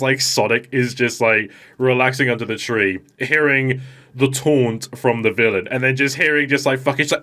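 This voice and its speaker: A man's voice: lowish voice, fairly quick, fairly bright tone. A man giving unscripted comedic commentary, swearing and mocking, often putting on voices to act out quoted lines. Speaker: YouTube commentator.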